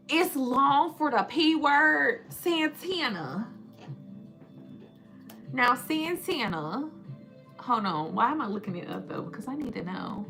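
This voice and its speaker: Slow, bright-voiced woman streamer. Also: high voice, very animated, gravelly, soft background music. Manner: playful and joking, drawing out words as she sounds them out. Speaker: livestream host. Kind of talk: casual live-stream chat.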